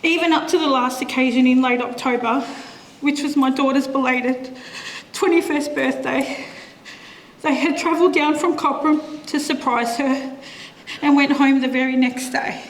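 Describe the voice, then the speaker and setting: A woman's voice: high-pitched, steady tone, moderate pace. A middle-aged woman reading a eulogy in a church, her reading emotional and tearful. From Australia. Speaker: eulogy speaker. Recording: echoey church with faint room noise.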